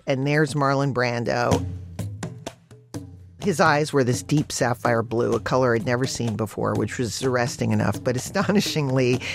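A woman actor with a bass voice tells a personal anecdote in a lively storytelling manner. Her voice leaps upward for emphasis, and she laughs through some lines.

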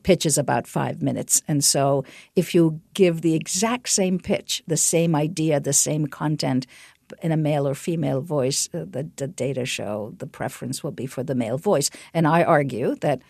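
A middle-aged woman explaining research findings in a radio interview, animated and given to restarts. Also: sits low, normal speed, vocal fry, hardly any pauses, breathy edge, no echo, studio quality. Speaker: guest researcher.

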